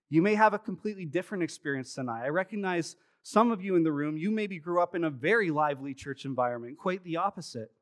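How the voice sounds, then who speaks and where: A man in his thirties preaching a sermon to his congregation, telling stories in a chatty way with self-deprecating humor. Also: on the high side. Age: 30s. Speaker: pastor. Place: church sanctuary, live service.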